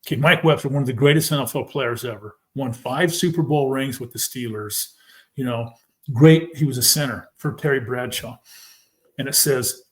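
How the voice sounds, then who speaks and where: A man telling his own story as a podcast guest, emphatic and animated, acting out what others said. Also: mid-range voice, normal speed. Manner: animated, retells scenes by quoting people; emphatic, fervent. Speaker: podcast guest, former football player. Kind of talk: personal storytelling in a conversation.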